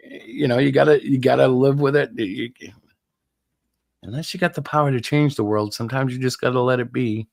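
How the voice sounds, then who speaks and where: A man in his fifties talks in a relaxed, rambling way, making fun of his own memory. His voice has a gravelly edge and sits at a middle pitch. The sound is dry and close. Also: fairly quick, no echo. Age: 50s. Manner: rambling, self-mocking, joking. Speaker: comic creator and co-host. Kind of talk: casual livestream chat.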